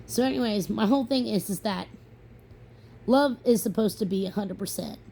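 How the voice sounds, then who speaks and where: A woman's voice: mid-range voice, moderate pace, creaky, mellow, slight background noise. A young woman from the American Midwest talking casually to camera, chatty and sassy, telling stories with playful asides. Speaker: vlogger. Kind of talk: casual opinion monologue.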